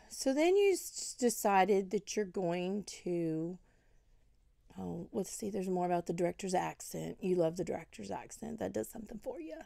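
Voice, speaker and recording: A woman's voice: medium pitch, expressive, normal speed, vocal fry, warm tone, no room sound, studio quality. A woman scolding another online creator in a commentary vlog, indignant and full of rhetorical questions. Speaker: commentary vlogger.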